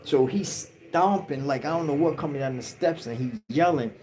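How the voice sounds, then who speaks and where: Slangy storytelling man, mellow voice. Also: on the high side, normal speed, low-quality recording. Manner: slang-heavy, acts out quotes. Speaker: livestream host. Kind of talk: casual storytelling.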